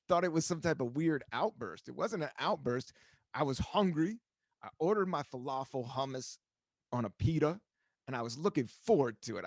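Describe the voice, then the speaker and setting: A talkative man in his forties hosts a casual podcast, wandering from story to story and swearing freely as he acts out other people's lines. His pitch swings widely and sits a touch high for a man. The sound is close and dry, with no room around it. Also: dry recording. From United States. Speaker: podcast host. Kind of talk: casual chat.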